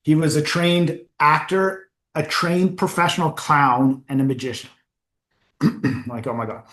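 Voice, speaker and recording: A man giving a lively, anecdotal talk as a forum founder, laughing at his own stories and clearing his throat often. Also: on the high side, a little slow. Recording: echoey room.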